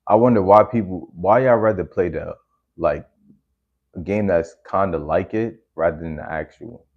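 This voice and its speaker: A man with a low voice, speaking at normal speed, chats casually on a stream while reacting to videos. He's laid-back and rambling, using lots of slang, and the audio is lo-fi and slightly dull.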